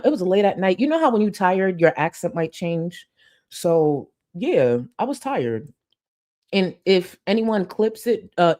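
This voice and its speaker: A woman from Houston, Texas, livestreams in a casual, playful way, reading super chats and thanking viewers, often laughing and using slang. Her voice is lowish and warm.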